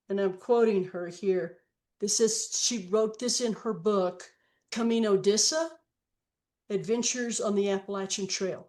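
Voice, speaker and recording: Woman in her 70s, slow unhurried talker, reflective storyteller on a podcast. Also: medium pitch, darkish tone. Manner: slow, reflective storytelling with long read-aloud quotes. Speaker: guest, author and trail hiker. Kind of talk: podcast interview.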